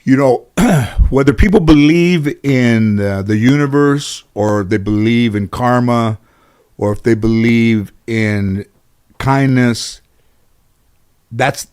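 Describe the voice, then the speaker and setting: A man's voice: mid-range voice, slow, clear, resonant tone. A man telling stories as an interview guest, rambling with many restarts and fillers and acting out other people's lines. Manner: lively storyteller who acts out other people's lines. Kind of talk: casual anecdotal storytelling.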